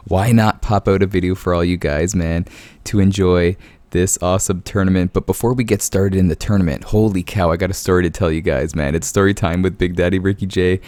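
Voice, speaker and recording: Low-voiced man, hushed late-night commentary. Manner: easygoing, chuckling, peppers talk with "man"; keeps voice down so as not to wake the house. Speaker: gaming channel host. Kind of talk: casual game commentary and storytelling.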